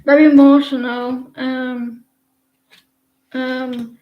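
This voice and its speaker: A woman's voice: high-pitched, little pitch movement, very slow, highs cut off. A woman giving a live, casual tarot reading. She is chatty, laughs often and breaks off mid-sentence. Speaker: tarot reader. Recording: echoey room with faint background noise.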